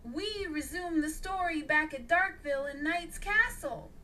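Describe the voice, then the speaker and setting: A woman narrating a storybook audiobook in a plain, unhurried read-aloud style. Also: sits high, animated, sharp tone, a little hiss or hum.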